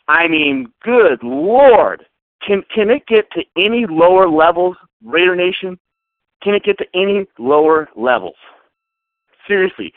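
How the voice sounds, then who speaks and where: A man ranting into a phone, heard through a thin, tinny line that strips away the low end. His voice sits fairly high and swings widely up and down as he hammers each point with sarcasm. The sound is dry and close, with no room around it. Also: no echo. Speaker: caller. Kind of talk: fan call-in rant.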